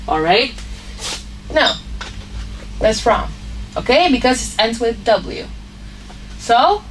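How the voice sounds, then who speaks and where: Female teacher, unhurried lesson delivery with lots of "okay?", recorded a bit off-mic. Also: medium pitch, recorded from a distance, a little hiss or hum, low-quality recording. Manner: patient, repeats points with frequent "okay?" checks. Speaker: English phonics teacher. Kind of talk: online grammar lesson.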